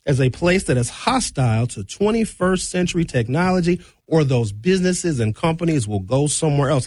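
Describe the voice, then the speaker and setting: Middle-aged male talk radio host, blunt and sarcastic, dry close mic. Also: no room sound. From Wisconsin. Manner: animated, blunt, sarcastic, with sudden high-pitched outbursts. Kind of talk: opinionated talk radio monologue.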